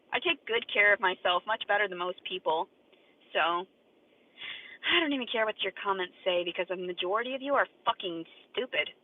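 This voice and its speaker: A woman ranting angrily and defensively on a livestream, swearing constantly. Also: on the low side. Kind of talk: angry rant livestream. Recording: tinny phone-like audio.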